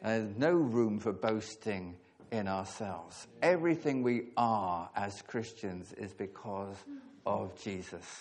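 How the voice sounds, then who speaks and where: A man preaching a sermon, earnest and emphatic, leaning hard on key words with pauses between phrases. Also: on the low side, expressive, darkish tone.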